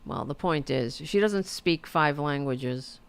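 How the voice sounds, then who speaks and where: A woman's voice: deep voice, takes it slowly, gravelly, smooth, no room sound. A woman hosting a podcast, giving casual political commentary in a sarcastic, mocking way and swearing freely. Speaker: podcast host.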